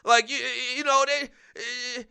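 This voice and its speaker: A man hosting a call-in sports talk show, talking in an animated, casual way, laughing often and dropping "man" into his sentences. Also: extremely high pitch, slow pace, clean tone, no room sound.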